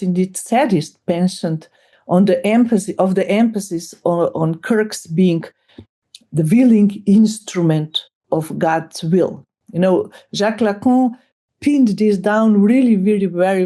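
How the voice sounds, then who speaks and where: A middle-aged woman with a Slovenian accent gives an academic lecture, speaking in a measured way with frequent fillers and restarts. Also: fairly low pitch, dark tone.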